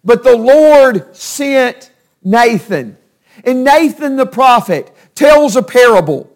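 A preacher with a very high-pitched voice delivers a sermon, retelling a scripture story. He speaks slowly and deliberately, leaning hard on key words for emphasis. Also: big pitch swings.

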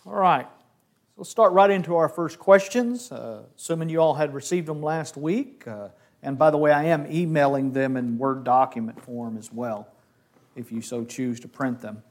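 Speaking at an ordinary pace in a slightly high voice, a man leads a Bible class lesson, animated and full of questions for the group.

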